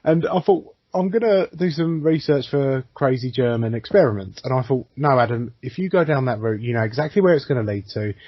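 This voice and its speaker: A man co-hosts a casual podcast, telling lively stories full of swearing and frequent laughter. His mid-range voice moves fairly quickly with hardly any pauses, and the recording is muffled but has no echo.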